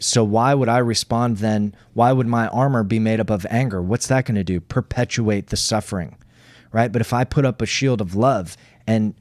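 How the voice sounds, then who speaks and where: An earnest man talks through a podcast in casual chat, reflective and blunt, with plenty of swearing. He keeps checking in with his listener by tagging "right?" onto his points. His voice sits at an ordinary middle pitch, recorded close and dry. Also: darkish tone, dry recording. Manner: earnest, swears freely, leans on "right?" tags. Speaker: podcast co-host.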